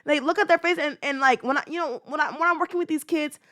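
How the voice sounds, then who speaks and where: A high-voiced young woman hosting a casual commentary show, heated and emphatic, repeating herself and dropping slang. The sound is close and dry, with no room around her. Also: fast talker, fairly bright tone, dry recording. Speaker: podcast host.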